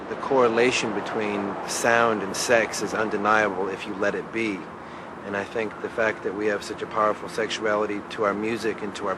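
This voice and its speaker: Man, fairly low voice, slow and thoughtful, candid interview, loud outdoor traffic noise. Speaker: singer.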